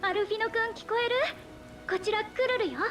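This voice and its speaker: A woman's voice: very high-pitched, racing. An actress playing a cheerful young woman ally who calls her friends over a link in a game cutscene. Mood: urgent. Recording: game voice, faint music behind.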